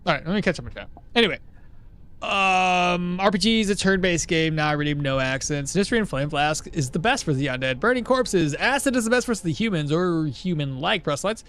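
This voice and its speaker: A man's voice: sits high, animated, a little fast, a bit bright, clear, resonant tone. A man streaming a game live, chatting casually and answering his chat while he plays. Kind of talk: casual live gameplay commentary.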